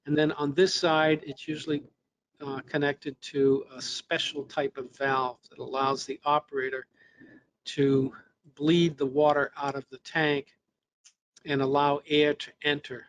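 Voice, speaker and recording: A man's voice: a little high, little pitch movement, unhurried, slight background noise. A man presenting a technical webinar lesson, explaining step by step with fillers and restarts, his voice a little worn. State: losing his voice.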